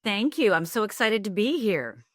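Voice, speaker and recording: A woman's voice: medium pitch, sing-song, moderate pace, fairly bright tone, no echo, studio quality. A middle-aged woman from Upper Michigan, a life coach and guest, telling her story candidly and vividly, acting out the lines of the people in it. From Upper Michigan, USA. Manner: vivid, dramatic retelling with acted-out quotes.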